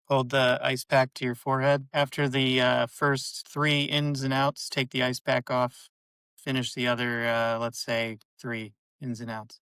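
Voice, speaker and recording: Calm, smooth-voiced male psychologist. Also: medium pitch, no room sound, poor audio. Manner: calm, measured, instructive. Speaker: clinical psychologist guest. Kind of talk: interview answers.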